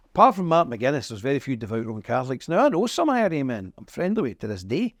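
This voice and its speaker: A man's voice: sing-song, fast talker, no echo, clean studio sound. A middle-aged Northern Irish man, an interview guest telling history in an emphatic, storytelling way. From Northern Ireland. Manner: emphatic, storytelling, swings in pitch. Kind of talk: conversational interview.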